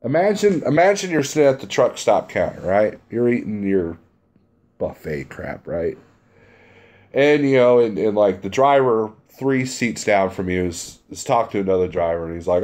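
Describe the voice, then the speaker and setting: A man's voice: lowish voice, animated, moderate pace, a little mellow. Blunt, chummy male trucker streamer. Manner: blunt, chummy, laughs easily. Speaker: truck driver streaming live, reading chat. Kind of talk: casual live-stream chat.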